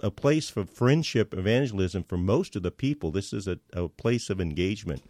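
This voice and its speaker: A man as a podcast guest, telling a story in casual conversation, halting with many fillers and restarts. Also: sits low, animated, darkish tone, dry recording, clean studio sound.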